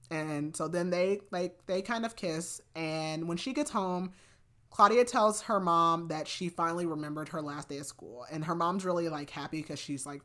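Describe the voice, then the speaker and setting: A woman's voice: sits low, a bit bright. A woman hosting a podcast, retelling a book in a casual chat full of fillers and restarts. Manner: chatty, many fillers and restarts. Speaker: podcast host.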